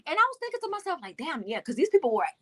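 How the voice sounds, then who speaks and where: A woman with a high, bright voice chatting casually about boxing. She talks with animated energy, swears freely and slips into mocking voices of angry fans. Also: very fast. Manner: animated, swearing, laughing often, acts out fans.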